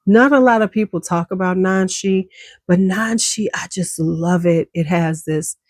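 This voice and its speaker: A woman's voice: fairly low pitch, unhurried, a little mellow, dry recording. A woman giving a casual, enthusiastic perfume review, chatty and full of slang, coughing now and then. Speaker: beauty vlogger.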